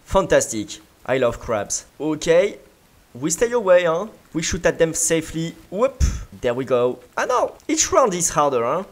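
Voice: medium pitch, big pitch swings, measured pace. A gaming video creator giving playful let's-play commentary, full of yelps, giggles and mouth sound effects.

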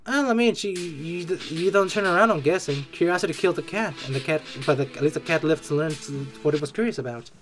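Excitable jokey game reactor. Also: medium pitch, fast talker, few pauses, soft background music. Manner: excitable, jokey, exclaims often and mimics characters. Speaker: reaction video creator. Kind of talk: casual game reaction commentary.

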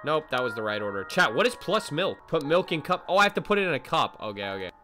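A man giving let's play commentary to his chat, excitable and full of slangy exclamations as he reacts to the game. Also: on the high side, fast talker, music in the background. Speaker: gaming video creator.

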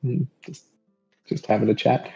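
A man's voice: mid-range voice, moderate pace, mellow, breathy edge, dull audio, soft background music. A man playing in a tabletop game, talking hesitantly and laughing often. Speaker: player. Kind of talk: casual tabletop play.

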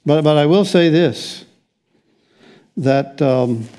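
Middle-aged American pastor, rambling sermon delivery, warm dark tone, slightly high pitch. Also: male voice, slow pace. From United States. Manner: rambling, conversational, frequent restarts.

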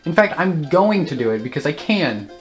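A woman's voice: sits low, very animated, moderate pace, faint music behind. A woman giving casual commentary while playing a video game, often flustered and groaning at it. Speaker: let's play host.

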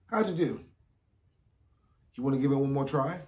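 A man's voice: medium pitch, normal speed, long pauses, a little mellow, echoey room, a little hiss or hum. A man teaching a beginner music theory lesson online, upbeat and encouraging as he counts beats aloud for his students to clap along.

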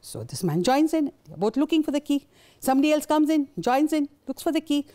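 A woman's voice: high-pitched, very animated, a little fast, dark tone. An older woman, giving a passionate, indignant conference talk. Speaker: invited speaker.

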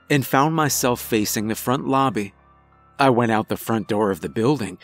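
Slow, grave male horror narrator. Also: mid-range voice. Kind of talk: scripted first-person horror narration.

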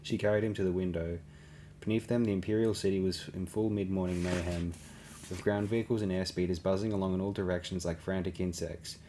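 A man reading a novel aloud as an audiobook narrator, in a steady, even way. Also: deep voice, fairly quick, a little hiss or hum. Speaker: audiobook reader.

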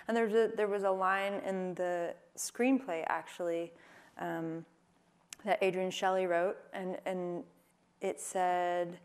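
Onstage at a live event, a female singer-songwriter takes audience questions, joking playfully between thoughtful answers. She speaks slowly in a fairly low voice with fairly even intonation.

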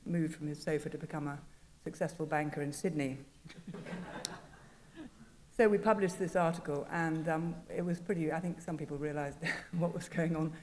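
A woman speaks on a conference panel, halting now and then as she tells a wry story about her journal. Her pitch stays fairly flat. The sound carries a long reverb from a large hall, with a faint room hum behind it. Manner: anecdotal, self-deprecating, halting. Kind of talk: panel talk.

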